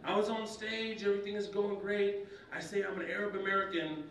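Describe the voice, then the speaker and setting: A young adult man from Kuwait doing an animated stand-up comedy set in a conference center banquet hall, slipping into character voices. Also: fairly quick. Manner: animated, jumps into high-pitched character voices. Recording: roomy hall, distant mic, faint noise.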